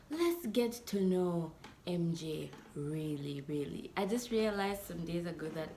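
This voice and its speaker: A young woman from Zambia in her twenties talks casually to camera in a vlog, playful and chatty. Her lowish voice has a gravelly edge and often drops to a near-whisper. A faint hiss sits under the recording. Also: mellow. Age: 20s. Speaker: vlogger.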